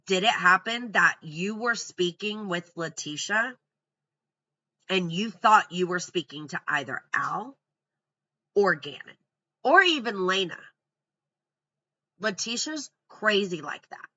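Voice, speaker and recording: Bright-voiced blunt true crime commentator. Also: mid-range voice, measured pace, lo-fi sound. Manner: blunt, profane, scornful asides. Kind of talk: casual commentary reading from notes.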